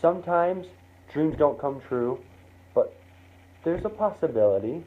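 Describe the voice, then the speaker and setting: A man's voice: fairly high pitch, expressive, a little slow. A man doing a kindly, hesitant teacher. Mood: soothing. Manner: trying to sound gentle and nice. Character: kindly, hesitant schoolteacher woman. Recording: tinny phone-like sound, faint noise.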